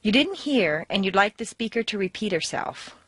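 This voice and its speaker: A woman with an American accent giving a recorded pronunciation lesson. She talks in clear, deliberate instructions and exaggerates word stress to demonstrate it. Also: mid-range voice, sing-song, a bit bright, no room sound. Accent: General American. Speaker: accent trainer.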